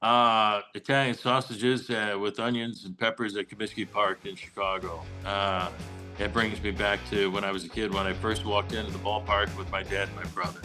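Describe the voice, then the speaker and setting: A man's voice: on the low side, little pitch movement, normal speed, music in the background, low-quality recording. An older man, a longtime baseball broadcaster, chatting as a guest and telling stories with quoted voices. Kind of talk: casual interview chat, storytelling.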